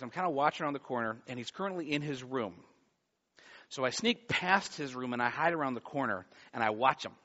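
Male pastor, 40s, sermon delivery, bright tone on a dull lo-fi recording; swings from hushed to loud. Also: mid-range voice. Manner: swings from hushed intimacy to loud acted-out storytelling.

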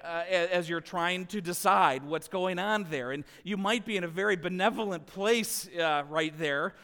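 A man preaching a sermon as a pastor, telling a family story with lively, animated delivery. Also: sits high, moderate pace, long reverb tail. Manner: animated storytelling, rising loud when acting out scenes.

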